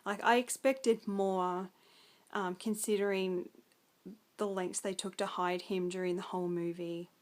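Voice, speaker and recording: A woman's voice: medium pitch, steady tone, a little slow. A young Australian woman with an Australian accent, rambling through a casual film review full of ums and likes.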